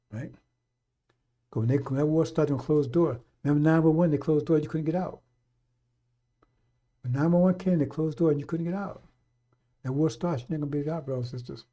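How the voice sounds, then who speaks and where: A man preaching on a live radio stream, urgent and repetitive, blunt and profane, calling out to brothers and sisters and swinging from loud exhortation to low muttering. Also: a little fast, pauses often.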